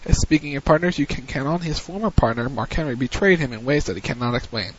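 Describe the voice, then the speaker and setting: Husky and mid-range with lively intonation, the host hurries through a casual wrestling recap, narrating each move play-by-play with frequent restarts. Dull lo-fi audio.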